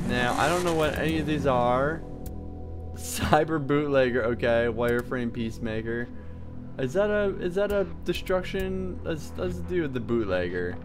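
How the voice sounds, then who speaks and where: A man hosting a gaming channel, giving let's-play commentary on a game he is playing. He gets excited easily, yelps, and laughs at what happens on screen. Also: mid-range voice. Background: game music and sounds.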